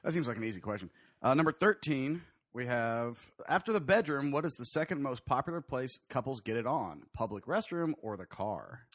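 A man telling loose, crude stories in casual banter, often breaking into laughter as he goes. His voice sits at an ordinary middle pitch. It is recorded close and dry, with no room sound. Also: big pitch swings, fairly quick, fairly bright tone, no echo. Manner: laughs often mid-story, loose and rambling. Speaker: podcast host reading quiz questions.

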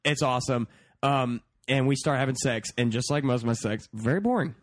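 A man's voice: mid-range voice, fairly quick. A young man casually telling a crude story among friends, rambling, swearing often and laughing as he goes.

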